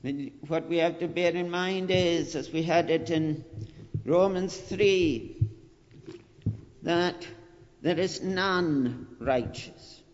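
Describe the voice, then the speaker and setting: Slow, earnest male preacher in a reverberant hall. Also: fairly high pitch. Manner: earnest, rising to emphatic pleading; slow and deliberate with repeated phrases. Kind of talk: sermon. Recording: dull lo-fi recording with long hall reverb.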